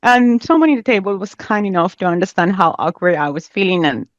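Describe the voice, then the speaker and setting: A woman, not a native English speaker, telling a funny story in a casual podcast chat, animated and laughing often as she acts out what people said. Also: medium pitch, brisk, no echo, muffled recording. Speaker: podcast guest.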